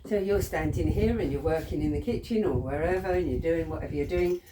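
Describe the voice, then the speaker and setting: A woman's voice: sits low, quick pace, background noise. A woman dog trainer, casually demonstrating training steps, chatty, laughing often and saying "okay" a lot. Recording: roomy sound from a distant camera mic.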